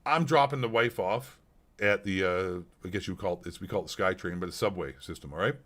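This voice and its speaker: A man's voice: sits low, fairly quick, a bit bright. A middle-aged man streaming a heated, blunt monologue, swearing constantly and repeating himself. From Canada. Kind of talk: casual profane ranting monologue.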